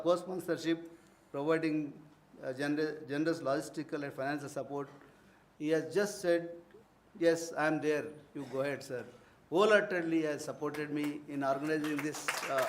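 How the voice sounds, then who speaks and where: The vote of thanks continues in the university hall, delivered by a man whose voice sits a little high, with fairly even intonation at normal speed. He keeps his phrasing earnest and formal but slips in warm personal asides from time to time.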